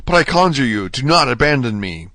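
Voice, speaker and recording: A man's voice: mid-range voice, very animated, a little fast, bright, forceful tone, no room sound. A man voicing a young male prisoner in his twenties, pleading urgently in an audiobook reading. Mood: desperate. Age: 20s.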